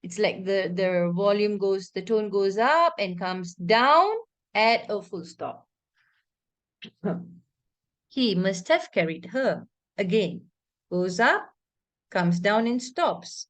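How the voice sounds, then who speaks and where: A woman's voice: mid-range voice, slow, pauses often. Malaysian-accented woman teaching english online, patient, keeps asking okay?. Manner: explaining patiently, frequent check-in questions; reads example passages aloud with expressive intonation.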